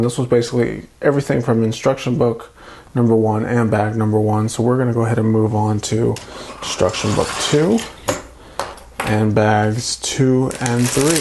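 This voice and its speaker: Gravelly man narrating a toy build. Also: mid-range voice, a little mellow, slight background noise. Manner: easygoing, explains each step. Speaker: toy reviewer. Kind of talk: casual unboxing narration.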